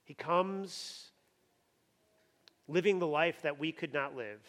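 High-pitched guy preaching, lots of repeating himself, big echoey church sound. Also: takes it slowly, a bit bright. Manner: emphatic, repeats words while building up. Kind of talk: sermon. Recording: long hall reverb.

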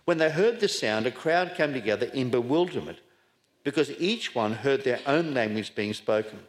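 A man's voice: mid-range voice, animated, moderate pace. A middle-aged man born in Scotland, preaching a sermon with rhetorical questions and repeated words for emphasis.

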